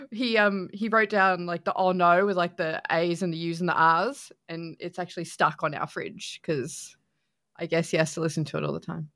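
A woman with an Australian accent, co-hosting a podcast in casual chat, chatty and quick to laugh. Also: lowish voice, a bit bright. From Western Sydney, Australia. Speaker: podcast co-host.

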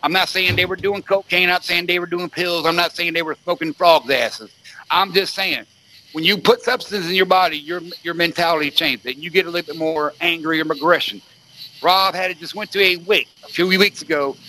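High-voiced, bright man ranting on a podcast. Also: steady tone, fairly quick, slight background noise. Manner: emphatic, repetitive, swears constantly. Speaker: podcast host. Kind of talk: profane ranting podcast chat.

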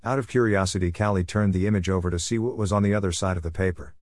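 Guy reading a novel aloud, lowish voice, steady and descriptive. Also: no echo, studio quality. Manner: measured, descriptive storytelling. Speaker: audiobook narrator. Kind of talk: scripted narration.

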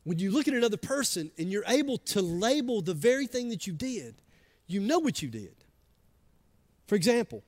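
Southern guy preaching, high voice, goes quiet then gets loud and punchy, talks right to the crowd. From American South. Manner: conversational preaching, swinging between soft asides and loud emphatic lines. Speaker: pastor. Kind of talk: sermon.

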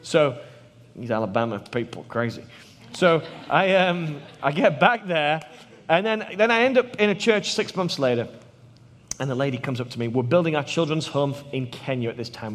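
A man in his thirties with a British accent, a missionary preaching a sermon and telling stories, at times dropping to hushed tones. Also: medium pitch, in a large hall. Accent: British English. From England. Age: 30s. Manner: storytelling, drops to hushed tones for effect.

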